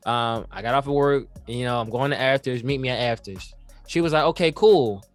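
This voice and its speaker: A young man tells a story on a podcast in loose, slangy talk, jumping into the voices of the people he quotes. His voice sits at an ordinary middle pitch. Soft music plays faintly underneath. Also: brisk. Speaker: podcast co-host. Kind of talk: casual storytelling chat.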